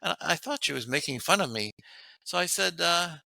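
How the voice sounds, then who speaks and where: Bright, gravelly man giving earnest advice. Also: high-pitched, fast, no room sound. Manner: earnest, laughs often while making points. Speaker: guest author giving relationship advice. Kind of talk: casual interview talk.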